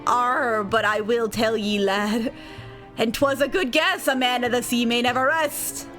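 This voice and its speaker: Lady putting on a growly pirate captain voice, arr and lass, soft game music under it. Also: fairly high pitch, fairly even intonation, unhurried. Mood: hearty. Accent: put-on pirate brogue. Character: gruff old male sea captain, pirate talk. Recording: game music playing faintly behind.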